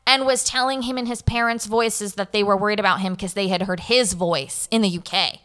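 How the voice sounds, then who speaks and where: A woman's voice: mid-range voice, fairly even intonation, brisk, few pauses, fairly bright tone. A woman hosting a podcast, telling a spooky story in casual chat, rambling with lots of fillers and correcting herself. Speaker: podcast host.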